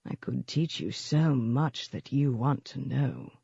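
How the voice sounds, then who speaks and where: An audiobook narrator voicing a cultured, menacing gentleman demon who speaks slowly and smoothly, with a taunting edge. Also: medium pitch, no room sound, muffled recording, full character voice. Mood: silky menace. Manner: slow, smooth, taunting delivery. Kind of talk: audiobook character voice.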